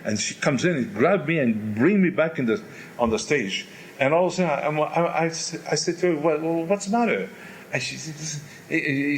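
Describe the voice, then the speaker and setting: An older man, an opera singer, candidly telling animated stories in an interview and imitating crowd noises. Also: medium pitch, a little hiss or hum.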